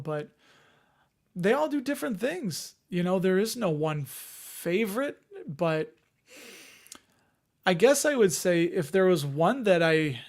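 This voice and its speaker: A man hosting an investing live stream, chatting casually and rambling as he answers viewers' comments. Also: high voice. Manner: rambling, conversational, reads chat comments aloud.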